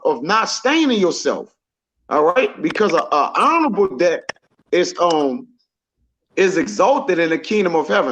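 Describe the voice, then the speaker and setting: A man teaching from scripture, reading verses slowly and then explaining them in casual slang. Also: sits high, fairly bright tone, highs cut off. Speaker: preacher.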